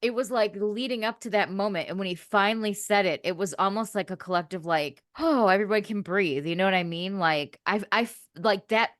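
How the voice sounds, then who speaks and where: A woman's voice: medium pitch, fairly quick, hardly any pauses, fairly bright tone, dry recording, studio quality. A woman co-hosting a podcast, chatting candidly and emotionally, swearing freely. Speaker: podcast co-host. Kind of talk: casual chat.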